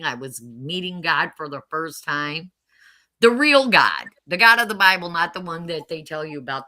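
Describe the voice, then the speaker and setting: A woman's voice: lowish voice, sharp tone. A middle-aged woman telling her life story casually and candidly, often laughing wryly. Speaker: mother telling her testimony.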